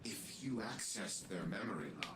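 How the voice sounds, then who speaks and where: A smug old machine mind, low and measured. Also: male voice, animated, background noise. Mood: smug, defensive. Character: scheming old male AI of a scientist. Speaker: video game character. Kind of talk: video game cutscene dialogue.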